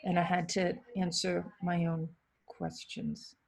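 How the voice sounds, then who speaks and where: A woman's voice: lowish voice, little pitch movement, slow pace, vocal fry. A young woman with a New England accent, a wedding photographer chatting casually and rambling a bit as she hosts a solo Q and A. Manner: chatty, rambling, self-deprecating. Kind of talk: casual solo livestream talk.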